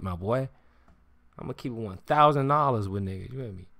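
On a live stream, a man delivers a heated, profane, confrontational rant, repeating himself and insistently asking his listeners "you hear me." His medium-pitched voice is slightly bright and creaky with vocal fry, with lively intonation and a slightly fast pace.

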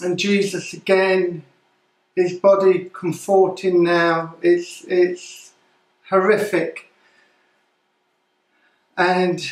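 A man, a pastor, preaching a sermon in the form of a solemn live news report, with halting restarts. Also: high-pitched, reverberant, poor audio.

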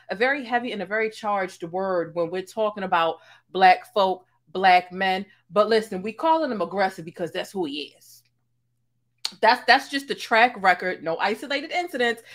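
A woman's voice: medium pitch, a bit bright. A woman hosting a casual live-stream commentary, talking to viewers in an emphatic, slangy way. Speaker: host of a commentary livestream.

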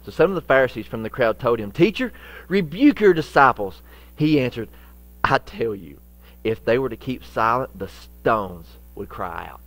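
This pastor's sermon moves at a moderate pace in a lowish voice. Folksy turns of phrase and repetition give it emphasis, while his delivery swings dramatically between loud and quiet.

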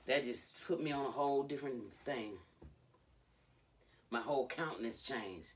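A woman's voice: rumbling low, normal speed, pauses often, distant mic. A woman coach hosting a reality-show commentary vlog, retelling events dramatically and calling out to the Lord. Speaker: life coach and vlogger.

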